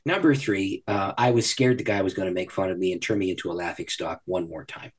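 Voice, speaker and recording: A man who is a guest on a podcast, telling a personal story in an animated way and laughing often. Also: deep voice, fast talker, slightly rough. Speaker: podcast guest, ministry leader. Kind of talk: storytelling in a conversation. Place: podcast recording.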